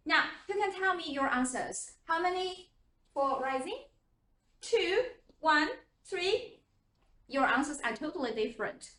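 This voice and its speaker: A woman's voice: high voice, a bit bright. A woman English teacher teaching a class. She asks question after question and demonstrates intonation. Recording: echoey room from far off.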